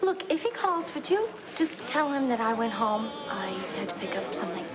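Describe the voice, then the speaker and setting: A woman's voice: a little high, big pitch swings, normal speed, a crowd in the background. A giggly young woman in love. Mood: disappointed. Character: hopeful young woman in love, easily hurt. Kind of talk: 1980s soap opera acting.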